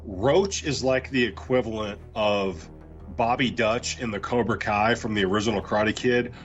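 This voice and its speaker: A man's voice: lowish voice, normal speed, muffled recording, faint music behind. Man comparing films on a podcast. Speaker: podcast co-host. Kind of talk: casual movie review chat.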